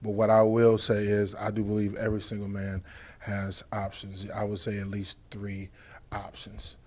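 A man's voice: lowish voice, monotone, normal speed, darkish tone. A man co-hosting a relationship talk show, asking questions in casual chat and often repeating words as he goes.

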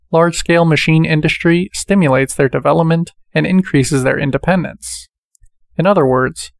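A man reading a book aloud in a measured way, speaking the quotation marks as he goes. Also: a little high, gravelly, dry recording, clean studio sound. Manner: measured, reads quotations with quote marks spoken. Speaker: audiobook reader.

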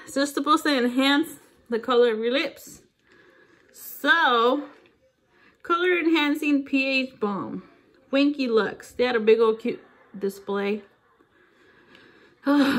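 A woman vlogging about her shopping finds, chatting casually to camera and gushing with excitement over each item. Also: high voice, measured pace.

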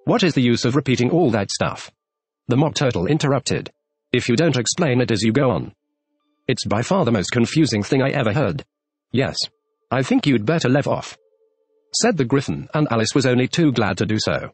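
Lively male audiobook narrator, husky tone. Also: mid-range voice, a little fast, dry recording, soft background music. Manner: lively storytelling delivery. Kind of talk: scripted narration.

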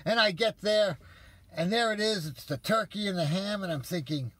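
A man's voice: high voice, moderate pace, fairly bright tone, no room sound. A man telling viewers an exasperated story in a casual, profane rant. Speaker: vlogger ranting to viewers.

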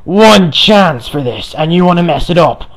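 A man's voice: on the high side, expressive, normal speed. A man trolling other players over game voice chat in a mock-earnest, playfully provocative way.

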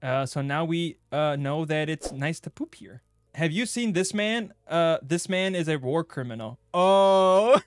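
Young guy streaming a game, jokey and crude, yelps a lot, kinda high voice, super dry close sound. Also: moderate pace, dry recording. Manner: excitable, joking, crude, bursts into loud yelps. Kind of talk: gaming playthrough commentary.

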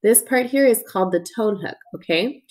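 A woman's voice: a little high, animated, normal speed, a little mellow. A woman reading the lines of a friendly, joking male ear doctor in an audiobook, with an easygoing, reassuring manner.

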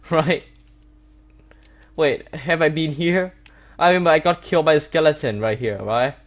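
A man's voice: fairly high pitch, a little slow. A man giving gameplay commentary, upset and complaining, repeating himself and stumbling over his words. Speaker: Minecraft YouTuber. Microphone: desktop setup with webcam.

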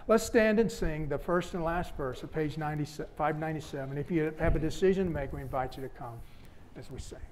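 A male pastor preaching a sermon in church, with repeated emphatic appeals that fall low and soft at the ends of phrases. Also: a little fast, a little hiss or hum. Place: church sanctuary.

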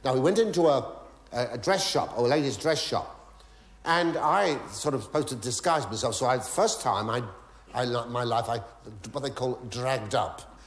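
A man's voice: medium pitch, normal speed, echoey room. A male comedian telling a story on stage, stammering and muttering gossipy asides, then breaking into sudden shrieks and mock pleas to the audience. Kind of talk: stand-up storytelling to a live audience. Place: theatre stage. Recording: live theatre recording with audience laughter. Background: audience laughing.

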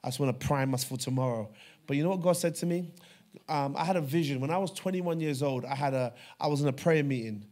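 Fervent male preacher, slightly high voice. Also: fast. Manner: fervent storytelling, swings from hushed to loud. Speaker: pastor. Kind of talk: sermon.

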